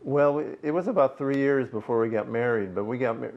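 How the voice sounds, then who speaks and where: Older man, interview guest, halting speech, muffled lo-fi sound. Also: medium pitch. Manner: halting, many fillers and pauses. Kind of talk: casual interview.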